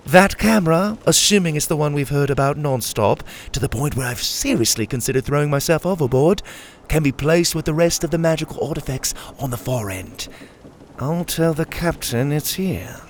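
Man as a weary sneering pirate crewmate in a storybook, high drawling, lively lilt. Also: slight background noise, close to an everyday voice. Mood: sarcastic. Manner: sarcastic, drawn-out. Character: exasperated sarcastic male pirate crewmate.

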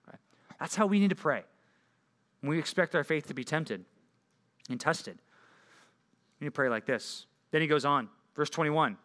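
Young guy youth pastor, kinda high bright voice, jokey, keeps saying right?. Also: lively intonation, moderate pace, pauses often. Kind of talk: youth sermon.

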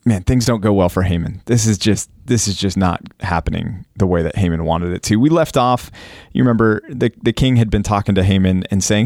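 A man co-hosting a Bible podcast, retelling the story in a relaxed, chatty way with fillers. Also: lowish voice, a little fast, no echo, studio quality. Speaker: podcast co-host. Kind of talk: casual Bible study chat.

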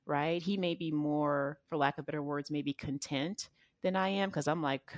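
A woman in her forties speaks as a podcast guest, reflective and unhurried, with plenty of "you know" and "like". Her voice sits low for a woman. The recording is dry and close, with no room sound. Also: steady tone, dry recording. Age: 40s. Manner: reflective, warm-spoken with frequent fillers. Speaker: podcast guest, life coach. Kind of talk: casual interview conversation.

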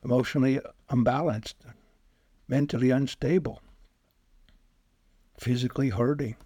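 A man, a spiritual healer, speaking as a podcast guest and telling lively anecdotes, acting out the quoted voices. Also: mid-range voice, moderate pace, husky, no echo. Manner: animated anecdotes, acts out quoted voices, chuckles often. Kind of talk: casual storytelling interview.

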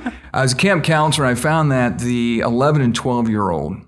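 A middle-aged psychologist from Central Illinois with a Central Illinois accent, chatting as a podcast guest in an easygoing, self-deprecating way with lots of fillers. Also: male voice, medium pitch, brisk, heavy background noise. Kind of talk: casual conversation.

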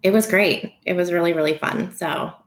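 A woman co-hosting a podcast with a husky early-morning voice, reflective and quick to laugh. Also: fairly low pitch, steady tone, roomy sound, slight background noise. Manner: slow, reflective, warm laughter. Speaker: podcast co-host. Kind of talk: casual podcast chat.

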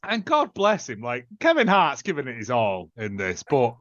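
A man co-hosting a casual film-review chat, telling the plot in a sarcastic, animated way. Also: mid-range voice, moderate pace, no echo, highs cut off. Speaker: podcast co-host.

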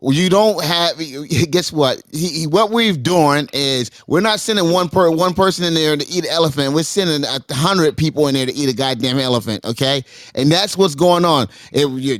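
A man's voice: fairly high pitch, a bit bright, no echo, studio quality. A man on a live panel talking casually, rambling with many fillers and growing emphatic. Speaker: panel guest.

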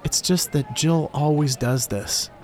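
A man's voice: fairly high pitch, unhurried, a little mellow, voice pushed up, natural voice. A man voicing a nervous, tearful teenage schoolgirl who hesitates with ums.

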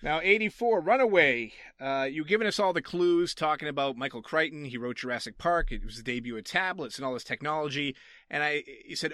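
A man's voice: on the high side, animated, brisk, a bit bright, no room sound, clean studio sound. A man with a Massachusetts accent judging a retro game show, joking and exclaiming in casual podcast banter. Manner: jokey, playful exclamations.

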